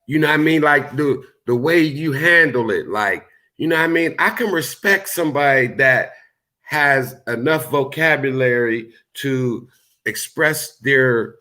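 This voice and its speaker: A man speaks in a loose, rambling way on an online panel, reflective and chatty. He keeps checking in with his listeners as he talks, at an ordinary middle pitch. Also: a little slow, bright, forceful tone. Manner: rambling, reflective, repeats "you know what I mean". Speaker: panel host. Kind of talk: casual panel talk.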